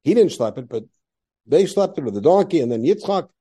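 A man's voice: fairly high pitch, big pitch swings, fairly quick, dark tone, slightly rough. A man teaching a class on a biblical text, reading Hebrew verses aloud and explaining them with rhetorical questions. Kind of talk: classroom Torah lesson.

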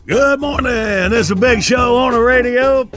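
A man's voice: extremely high pitch, normal speed, over music. A man hosting a morning radio show who plays the dry straight man and corrects his guest.

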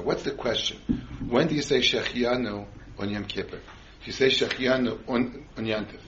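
A man's voice: medium pitch, highs cut off, background noise. Man giving a Torah class, full of questions. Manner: quizzes the audience with frequent questions. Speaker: rabbi teaching a class.

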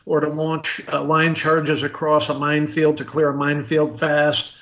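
An American man appears as a guest expert on military rifles in a podcast interview, speaking bluntly in a halting way full of restarts and fillers. His voice is monotone, a bit bright, and slightly high for a man. The audio is roomy and muffled like a remote call, with slight background noise.

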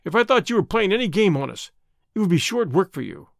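A man's voice: sits high, very animated, fast, gravelly, dry recording, studio quality, heavily acted. A man voicing a blustering, menacing gang boss. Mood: probing. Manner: blustering, interrogating. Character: menacing, domineering middle-aged male gang boss. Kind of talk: audiobook character reading.

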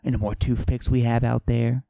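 A man playing a boastful macho character, pushing his voice low and husky and often dropping to a whisper while he brags deadpan. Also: moderate pace, dry recording, natural voice. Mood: swaggering. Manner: boastful, deadpan absurd bragging. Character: cocky macho man with a forced deep voice. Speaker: podcast host. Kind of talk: comic character monologue.

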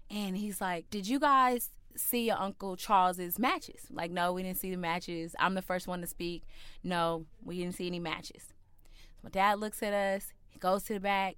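Smooth, low-pitched woman telling a story. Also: dry recording. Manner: animated, acts out quoted voices. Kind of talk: personal storytelling to an audience.

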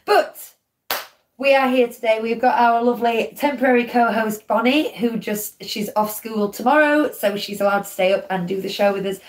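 A middle-aged woman chats casually as a podcast co-host in her living room. She throws in playful little asides between the show's segments. Her voice sits a little higher than most women's. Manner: playful, chatty, quick asides. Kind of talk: casual chat.

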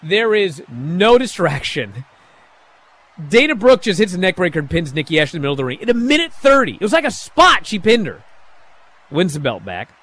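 A man casually recapping a wrestling show, animated and sarcastic, acting out quotes with sudden bursts. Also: high voice, brisk.

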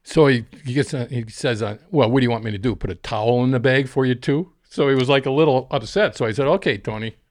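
A man's voice: medium pitch, fast, few pauses. A middle-aged man, a guest in a studio interview, telling stories with lots of laughter and acted-out quotes. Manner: animated storyteller, laughs often, acts out quoted voices. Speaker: guest, golf caddie. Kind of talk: storytelling in a casual interview.

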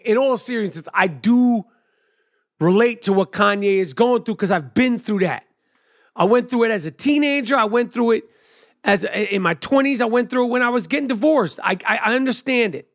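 Loud profane man ranting, high voice. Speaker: podcast host. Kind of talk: profane rant monologue.

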